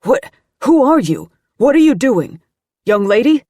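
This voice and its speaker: A woman voicing a gruff male airport security agent who barks questions. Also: low voice, sing-song, moderate pace, a little mellow, no room sound, clean studio sound, full character voice. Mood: demanding. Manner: gruff, demanding.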